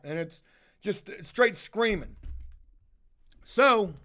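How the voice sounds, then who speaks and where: High-voiced man ranting a story. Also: animated, moderate pace, a bit bright. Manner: profane, heated, emphatic. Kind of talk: casual storytelling monologue.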